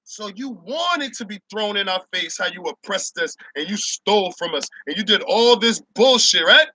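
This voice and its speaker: Male host, high and sharp-toned, profane laughing rant, dry mic. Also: lively intonation, moderate pace, no echo. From Barbados. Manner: loud, profane, laughing, mocks others in shouted voices. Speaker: show host. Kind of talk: ranting opinion monologue.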